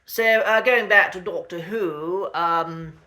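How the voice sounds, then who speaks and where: A man explains things in a relaxed, conversational way, like an accent coach chatting to viewers. His voice is bright and forward, with a thoughtful, unhurried delivery. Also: sits high. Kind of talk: casual educational talk.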